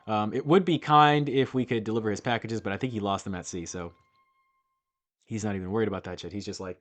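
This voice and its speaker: A man's voice: lowish voice, fast. Joking man commentating a game. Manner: joking, swears casually. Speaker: let's-play host.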